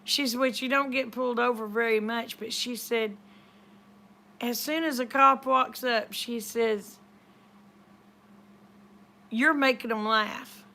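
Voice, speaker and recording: A woman's voice: a little high, fairly even intonation, slow, vocal fry, pauses often, pushed and bright. Chatty woman telling a story. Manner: chatty, retells conversations with lots of "she said". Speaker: vlogger. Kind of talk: casual storytelling.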